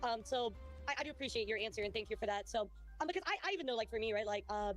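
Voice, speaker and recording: A woman's voice: a little high, lively intonation, rapid-fire, soft background music. A woman streamer interviewing a guest, polite and hesitant, with many "um"s and restarts.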